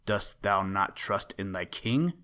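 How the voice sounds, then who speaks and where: A man's voice: deep voice, lively intonation, slow pace, bright, forceful tone, smooth, heavily acted. A man reading the lines of a stern, solemn king in a storybook tale. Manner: stern, formal questioning.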